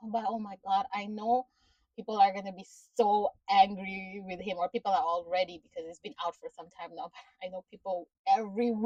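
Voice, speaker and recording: A woman's voice: mid-range voice, darkish tone, no echo, recorded from a distance, dull audio. A woman giving a casual recap of a TV episode, ranting in exasperation with frequent swearing and laughter. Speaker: show reviewer.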